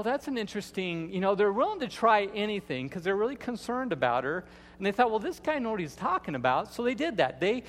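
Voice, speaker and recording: The lead pastor, a man with a high-sitting, slightly bright voice, preaches a sermon full of folksy, playful storytelling. He speaks in a church sanctuary, where a long hall reverb fills the recording.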